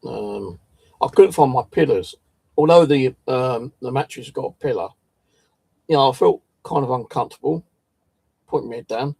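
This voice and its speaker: A man's voice: mid-range voice, normal speed, gravelly, pauses often, darkish tone, husky, dry recording. A man telling a story in a casual, rambling way, swearing often and tripping over his words. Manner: swears a lot, restarts and stumbles. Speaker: channel host.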